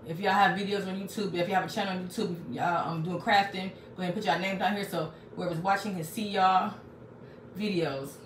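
A woman's voice: on the low side, fairly even intonation, fairly quick. A woman hosting a casual crafting live stream from a small home craft room, chatting directly with her viewers and reading their comments aloud. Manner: chatty, talks straight to viewers, reads out comments. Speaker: crafting livestream host. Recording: roomy, distant mic with faint background noise.

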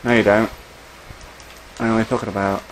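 A man's voice: on the low side, little pitch movement, fast, slight background noise, rough recording. A man chatting casually while playing a video game, rambling with restarts and whiny complaints. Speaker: gamer. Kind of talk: casual gaming chat.

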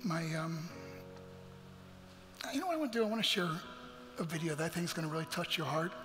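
A man's voice: a little high, expressive, fast talker. A man giving an earnest, emotional talk as a guest speaker in a church. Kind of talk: heartfelt motivational talk. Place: church sanctuary. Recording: long hall reverb with faint music.

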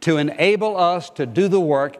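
A man's voice: a little high, normal speed, long reverb tail. An older man preaching a sermon as pastor, emphatic and repetitive, questioning his listeners directly.

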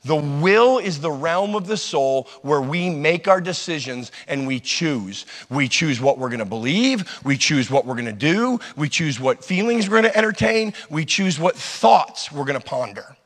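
A man preaching a sermon, telling a personal story in an animated way that swings between loud and hushed. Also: a little high, normal speed, few pauses. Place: church hall. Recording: long hall reverb.

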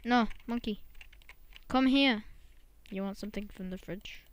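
A woman's voice: medium pitch, a little slow. A woman chatting casually while she plays a game, talking to her pet monkey as she goes. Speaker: gamer.

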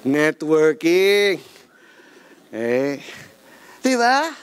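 A man with a Filipino accent preaching a sermon, animated, mixing English and Tagalog with jokey asides. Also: fairly high pitch, drawn-out words, long pauses.

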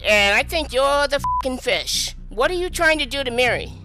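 Brash, high-voiced woman mocking a scammer. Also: lively intonation, moderate pace, music in the background. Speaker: caller confronting a scammer. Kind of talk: heated phone argument.

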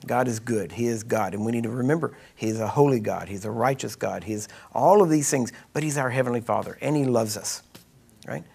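A man's voice: medium pitch, gravelly, a little mellow, breathy edge. A man with a Texan accent teaching a healing ministry class, telling chatty stories, laughing often and acting out the voices he quotes. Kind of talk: storytelling teaching session.

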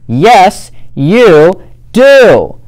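A man's voice: fairly high pitch, animated, takes it slowly, voice pushed up. A young man voicing a fluffy female bear in a storybook, insistent and bossy, with a lifted, changed tone. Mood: shouting. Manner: insistent, rising to shouts in an argument. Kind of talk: storybook character voice.

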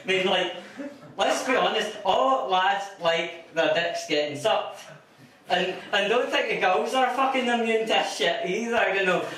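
A man's voice: high voice, a little slow, fairly bright tone. Crude stammering Scottish man on stage. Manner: crude, rambling, stammering delivery. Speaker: stand-up comedian. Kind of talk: stand-up comedy set. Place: comedy club stage. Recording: echoey room from far off, noisy. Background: audience laughter.

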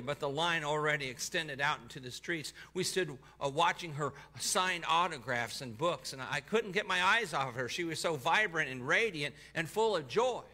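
A man preaching, telling a testimony in the first person and voicing the people in it, going quiet for the sad parts. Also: a little high. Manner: voices the people in the story, dropping soft for sad parts and lifting for excited ones. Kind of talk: sermon storytelling, reading a testimony aloud.

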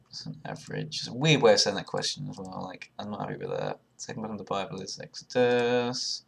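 A man's voice: deep voice, wildly swooping pitch, a little fast, gravelly, husky. A young man casually commenting while taking an online quiz, thinking aloud and swearing sarcastically. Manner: sarcastic, swears often, sudden loud outbursts; thinks aloud, muttering guesses. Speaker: video creator.

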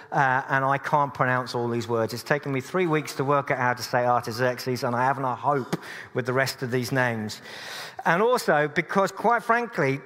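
A man's voice: fairly high pitch, fairly bright tone. A man preaching a sermon in a church, earnest but with dry humorous asides. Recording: long church reverb.

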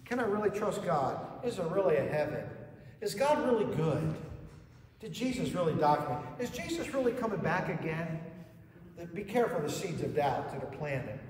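A man's voice: fairly high pitch, big pitch swings, moderate pace, darkish tone, a little hiss or hum. A male pastor preaching a sermon, rising in emphasis and asking rhetorical questions, recorded from a distance in a church sanctuary. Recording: echoey hall from far off.

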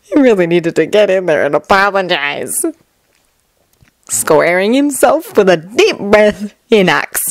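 A woman narrating a fanfiction story in a steady, even reading voice. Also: mid-range voice, unhurried, no echo, studio quality. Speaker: fanfiction reader. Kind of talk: audiobook narration.

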